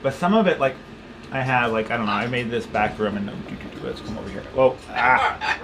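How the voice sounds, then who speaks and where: Here an American man in his thirties vlogs casually while moving around his house, holding a camera on a gimbal; he rambles, restarts often, and talks to his pet. The voice is mid-range and animated at normal speed, over a noisy background.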